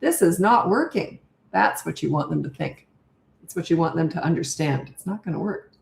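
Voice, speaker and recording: Older woman parenting coach, straight-talking Q&A, lowish voice in a roomy echo; live answers to comments. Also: brisk, creaky, a little mellow. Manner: chatty and direct, reads comments aloud. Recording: echoey room.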